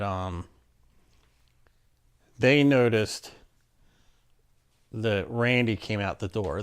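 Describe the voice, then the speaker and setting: A man's voice: fairly low pitch, clean tone. A middle-aged man candidly recounting a personal story in an interview, acting out what people said. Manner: candid, plainspoken, acts out quotes.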